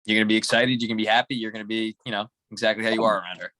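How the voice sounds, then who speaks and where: A man's voice: lowish voice, level tone, racing, pushed and bright, no echo, rough recording. A man being coached, answering a little hesitantly and stumbling over some words. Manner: hesitant, stuttering replies. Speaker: coaching client, salesperson.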